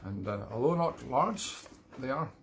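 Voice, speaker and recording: A man's voice: mid-range voice, lively intonation, a little slow, a bit bright, a little hiss or hum. A Scottish man hosting a live music stream, chatting casually and rambling between tunes in a self-deprecating way. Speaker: musician hosting a livestream show.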